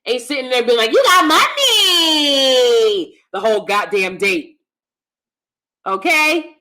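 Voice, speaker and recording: A woman's voice: medium pitch, pushed and bright. A woman hosting a casual livestream chat, reading viewer comments and giving emphatic, opinionated advice with lots of repetition. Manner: emphatic, opinionated, repeats herself for stress. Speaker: host.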